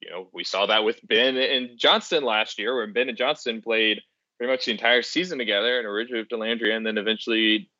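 A man's voice: on the low side, fast, sharp tone, no echo, muffled recording. A man co-hosting a hockey podcast in casual chat, rambling with many fillers and restarts. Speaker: podcast co-host.

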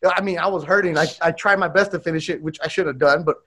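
A man, a podcast co-host telling stories in slangy, animated casual chat. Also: fairly high pitch, quick pace, slight background noise.

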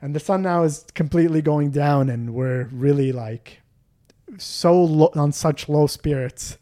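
A man telling a casual, animated story among friends, swearing freely and acting out what people said. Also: a little high, unhurried. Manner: animated, swearing, acts out quotes. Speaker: storyteller guest.

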